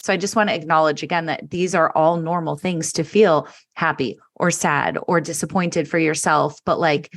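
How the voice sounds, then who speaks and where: A woman's voice: low-pitched, fairly even intonation, normal speed, hardly any pauses, no echo, clean studio sound. A woman hosting a podcast, talking in a supportive, blunt way and swearing casually. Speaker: podcast host. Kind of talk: casual interview chat.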